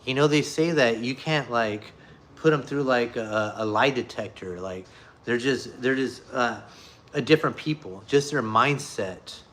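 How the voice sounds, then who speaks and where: A man with a bright, forceful voice chats casually with his viewers. He rambles through a story, swearing often and stumbling over filler words. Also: medium pitch, unhurried. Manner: profane, rambling, full of fillers. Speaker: streamer talking to viewers. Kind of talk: casual chat and joke telling.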